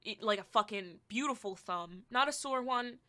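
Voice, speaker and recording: A young woman talks through an album on her podcast in a loose, casual review. Her voice is bright and forward, and she gets excitable, blunt and foul-mouthed, gushing over what she loves and bluntly trashing what she hates. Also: fairly high pitch, normal speed. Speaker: podcast host.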